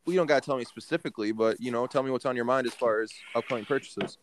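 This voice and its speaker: A man's voice: medium pitch, rapid-fire. A young man co-hosting a casual podcast, joking crudely and swearing freely. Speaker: podcast co-host.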